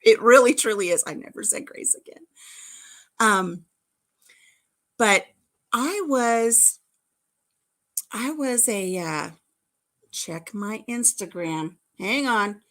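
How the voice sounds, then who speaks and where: A woman's voice: medium pitch, lively intonation, slow, pauses often, fairly bright tone. A middle-aged woman hosting a casual livestream, telling childhood stories in a chatty, giggly way with playful innuendo. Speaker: livestream host. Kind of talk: casual chat, storytelling.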